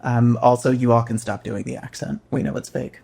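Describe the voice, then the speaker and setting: Gravelly-voiced man, dry and theatrical. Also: medium pitch, fairly even intonation, fairly quick, dark tone. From United States. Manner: dry, theatrical, self-mocking. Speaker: podcast co-host. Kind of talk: casual comedic chat.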